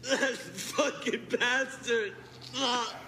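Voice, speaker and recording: Crying hurt hostage guy, high voice, drawn out. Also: very slow, background noise, exaggerated voice. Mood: sobbing rage. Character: wounded young hostage, scared.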